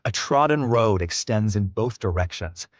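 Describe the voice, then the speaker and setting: Lively male text-game narrator. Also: fairly low pitch, dry recording. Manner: measured, storybook delivery. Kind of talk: scripted text adventure narration. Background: background music.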